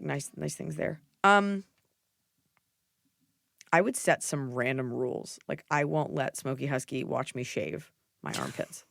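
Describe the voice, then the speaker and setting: A middle-aged woman hosting a podcast, giving blunt, jokey advice in a casual, animated way. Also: low-pitched, gravelly, no echo. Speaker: podcast host.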